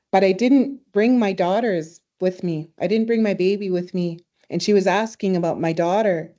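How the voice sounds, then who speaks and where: Mellow-voiced woman telling warm stories. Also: mid-range voice, moderate pace, hardly any pauses. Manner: warm, storytelling, laughs easily. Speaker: language teacher and presenter. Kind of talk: reflective webinar talk. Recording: slightly dull webinar audio.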